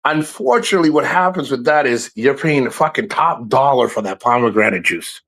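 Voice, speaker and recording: Brief: male streamer, mid-pitched, loose rambling chat, cusses a lot, jokes with viewers. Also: animated, fairly quick, a bit bright, low-quality recording. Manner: rambling, profane, jokey. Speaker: livestream host. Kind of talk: casual livestream chat.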